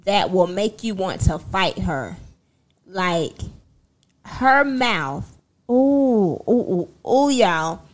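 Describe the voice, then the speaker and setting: A young woman talks casually to her viewers. She tells her story in a lively, sassy way, and her voice sits fairly high. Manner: animated, sassy storytelling with laughs. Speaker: livestream host.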